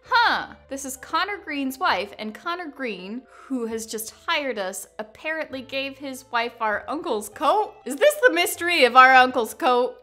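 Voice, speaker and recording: Bright-voiced woman narrating a game story. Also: high-pitched, expressive, a little slow, few pauses. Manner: playful, laughs at herself, muses aloud. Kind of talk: reading a story aloud over gameplay with asides.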